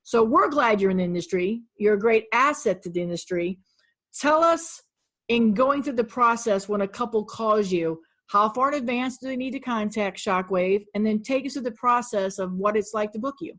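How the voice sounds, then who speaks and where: A woman's voice: a little high, moderate pace, a bit bright. A woman hosting an interview podcast, upbeat and speaking straight to her listeners. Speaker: podcast host.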